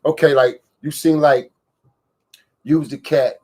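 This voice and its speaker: A man's voice: on the high side, fairly even intonation, measured pace, a little mellow. Rambling, slangy male podcast host. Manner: rambling, filler-heavy questions, slangy. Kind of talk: casual interview chat.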